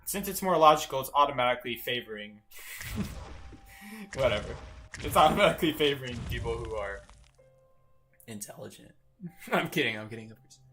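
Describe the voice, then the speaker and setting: A man's voice: mid-range voice, lively intonation, normal speed, pauses often, a bit bright, faint music behind. A man streaming a game live, commenting on his play and joking with chat, laughing often from a basement room.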